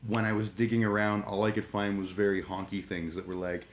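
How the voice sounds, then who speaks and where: A man's voice: fairly low pitch, little pitch movement, fairly quick, a little hiss or hum. A man chatting casually on a live stream, rambling and irreverent, full of fillers and restarts. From Canada. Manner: irreverent, joking.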